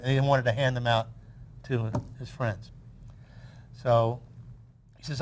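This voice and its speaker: A man's voice: mid-range voice, normal speed, pauses often. An older man who is the guest in an interview, reminiscing in a chatty storytelling way with frequent restarts.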